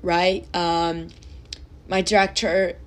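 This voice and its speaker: A woman's voice: on the low side, little pitch movement, slow pace. A woman, hosting a personal podcast and speaking earnestly and emotionally to her listeners. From Brazil. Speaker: podcast host.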